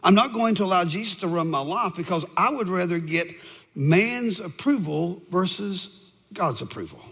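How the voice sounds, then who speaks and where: A man preaching to a church congregation, his voice pitched high and rough with fry. He speaks in an animated storytelling way and puts on voices for the people in his stories. The sound carries a long reverb from a large hall. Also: normal speed. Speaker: pastor. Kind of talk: sermon. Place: church sanctuary with audience.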